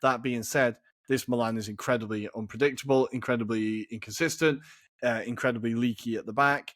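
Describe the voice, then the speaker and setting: A man co-hosts a football podcast, chatting casually and often thinking out loud. He swears freely as he searches for answers. The sound is dry and close on the mic. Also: mid-range voice, steady tone, a little fast, no room sound. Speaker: podcast co-host.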